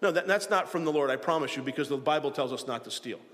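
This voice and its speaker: A man from South Florida delivers a sermon as a pastor, talking quickly in a slightly high, somewhat bright voice. He's earnest and plain-spoken, frequently repeats himself, and performs the voices of people he quotes, all with a hall-like reverb.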